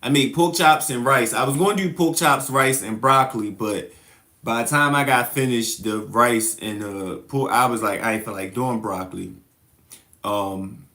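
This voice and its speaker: A man's voice: medium pitch, fairly bright tone. A man hosting a casual livestream, answering viewer comments, laughing often and teasing the commenters playfully. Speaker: livestream host.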